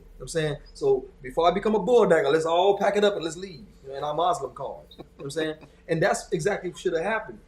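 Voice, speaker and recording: A man hosting a casual discussion, talking in an animated, joking way with many restarts. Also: a little high, fast, reverberant. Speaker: podcast host.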